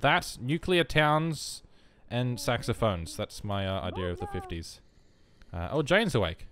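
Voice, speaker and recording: A man's voice: medium pitch, very animated, unhurried, fairly bright tone. A young man giving wry, self-mocking commentary while playing a life-simulation game. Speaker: let's play host. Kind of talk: casual gameplay commentary.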